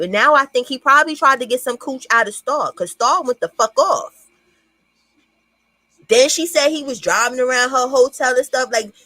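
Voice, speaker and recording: A young woman hosts a casual commentary livestream from home, her high voice pushed and bright on a dry recording. She chats loosely and profanely with viewers, calling them y'all, while her young child is nearby.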